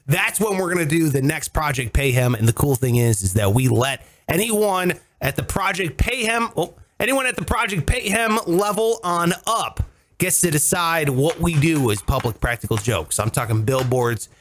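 A man's voice: on the high side, expressive, normal speed, a bit bright. A man from Ohio co-hosting a podcast, talking in a loose, profane, ranting way. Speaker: podcast co-host. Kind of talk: casual chat.

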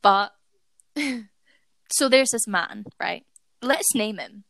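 A woman's voice: a little high, expressive, very slow, creaky, fairly bright tone, no room sound. Young woman, podcast co-host, chatty storytelling, dry close sound. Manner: chatty storytelling, giggly, addresses listeners. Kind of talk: casual chat.

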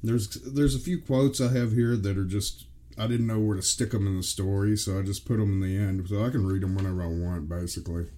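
A man's voice: lowish voice, steady tone, fairly quick, warm tone. A man co-hosting a casual podcast, exasperated and emphatic, swearing freely. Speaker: podcast co-host.

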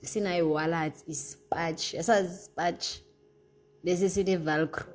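A woman's voice: lowish voice, steady tone, measured pace, darkish tone, rough recording. A young South African woman venting in a casual, heated, profane vlog rant, switching between English and isiZulu. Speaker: vlogger.

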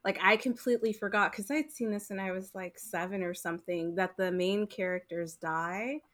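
A woman co-hosting a podcast, talking in a loose, rambling way. Her pitch sits in the middle, and she strings her thoughts together with plenty of "like" and "um". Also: steady tone, normal speed, a bit bright. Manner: rambling, heavy use of "like" and "um". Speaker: podcast co-host. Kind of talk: casual chat.

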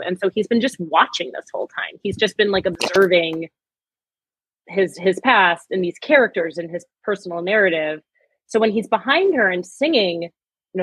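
Woman co-host, breathy and dry-miked, gushes emotionally over film scenes. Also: medium pitch, expressive, normal speed, a bit bright, no echo, low-quality recording. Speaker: podcast co-host. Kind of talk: casual chat.

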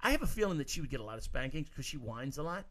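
A man's voice: a little high, very fast, a loud crowd. A man bantering crudely as host, joking and telling a made-up story. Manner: animated, jokey, puts on voices mid-story.

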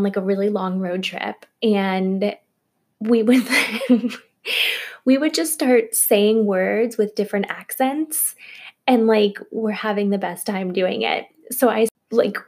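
A married woman telling lively, funny stories about her husband in a casual interview, laughing as she talks. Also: medium pitch. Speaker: guest.

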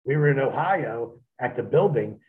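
A man, a wrestler, telling profane, animated stories as an interview guest over a phone line. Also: medium pitch, normal speed. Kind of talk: storytelling in an interview.

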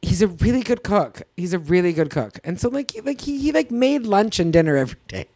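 Animated woman telling a story. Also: medium pitch, fairly quick, dry recording. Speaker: podcast co-host. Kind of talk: casual chat.

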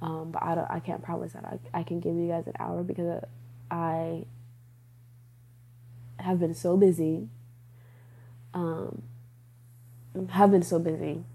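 A woman's voice: lowish voice, little pitch movement, a little slow, creaky, pauses often, dark tone, slight background noise. A woman hosting a podcast, talking casually about faith in a rambling way, laughing often and correcting herself. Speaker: podcast host.

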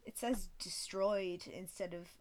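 A woman's voice: medium pitch, steady tone, unhurried, darkish tone. A woman, telling stories in a casual, self-mocking way and swearing freely. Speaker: vlogger. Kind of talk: casual storytelling.

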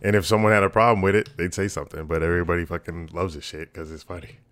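A man's voice: deep voice, fairly even intonation, fast talker, fairly bright tone, no room sound. A man co-hosting a podcast in casual chat, swearing freely and laughing as he rambles. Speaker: podcast co-host.

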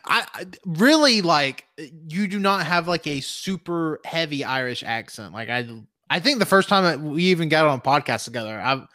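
A young man from Alabama with a Southern US accent, hosting a casual podcast chat, animated and swearing freely. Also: a little high, moderate pace, hardly any pauses. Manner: animated, swearing, laughing often. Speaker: podcast host.

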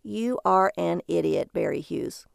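A woman voicing an exasperated, sharp-tongued wife who scolds with sarcasm. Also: lowish voice, unhurried, vocal fry, dry recording, studio quality. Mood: scolding.

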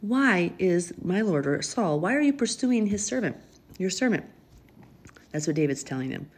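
Husky woman reading and explaining Scripture. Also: fairly low pitch, big pitch swings, normal speed. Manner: earnest, explains verses in a chatty way. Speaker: Bible teacher. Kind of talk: Bible reading with commentary.

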